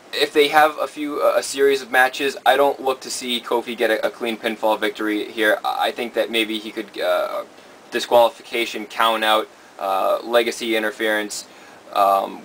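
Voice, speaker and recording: Low-voiced man running a segment. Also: steady tone, measured pace, fairly bright tone, a little hiss or hum. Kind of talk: casual talk show chat.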